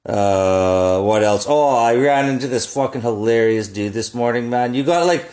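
A man's voice: mid-range voice, normal speed, darkish tone. A young man telling rambling, profane stories in a casual solo chat, often laughing at his own jokes. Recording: echoey room.

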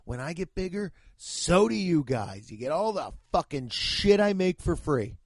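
A man hosts his own podcast, swearing freely and rambling from one rant to the next. His voice sits a little high for a man and sounds dry and close to the mic. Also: big pitch swings, unhurried, no room sound. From United States. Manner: profane, rambling, ranting. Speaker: podcast host. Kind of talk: solo comedic podcast rant.

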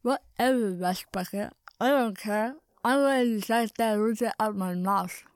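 A woman reading aloud and voicing a brash, swearing young male vampire who snarls and shouts. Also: medium pitch, moderate pace, gravelly, no echo, clean studio sound, natural voice. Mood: scornful.

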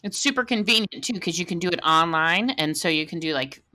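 Middle-aged woman, podcast co-host, casual chat, bright tone, lively swings, animated storyteller. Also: fairly low pitch, brisk. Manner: animated storyteller, laughs often, many fillers.

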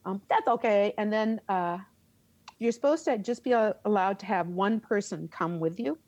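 Middle aged lady chatting in an interview, lively storyteller, super dry close mic. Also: mid-range voice, normal speed, dry recording. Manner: animated, laughs often and acts out her own reactions. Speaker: guest, theater teacher.

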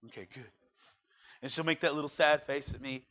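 High, bright-voiced male youth preacher. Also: fast, lo-fi sound. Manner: conversational, animated, acts out quotes. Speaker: youth pastor. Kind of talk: casual youth sermon.

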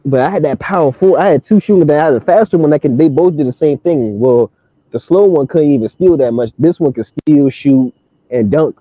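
A young man in casual chat, telling an animated story full of slang and laughter. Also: on the high side, a little fast, dry recording. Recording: dull lo-fi sound.

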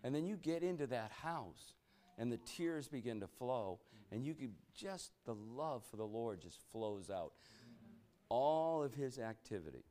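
A man's voice: mid-range voice, animated, unhurried, warm tone. A man leading an interactive Bible study, preaching emphatically and firing rhetorical questions at his listeners. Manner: emphatic, keeps asking "you know what?", exclamatory bursts. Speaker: church meeting leader.

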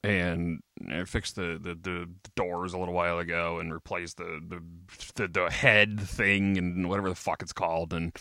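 A man's voice: low voice, fairly bright tone, no echo. Man, podcast co-host, casual chat, rambling, swears, fumbles for words, dry mic.

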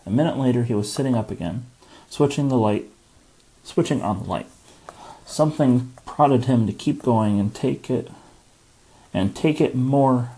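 A man hosting a book club reads a book aloud, steady and earnest. His voice is husky and breathy, sitting at a middle pitch. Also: rough recording.

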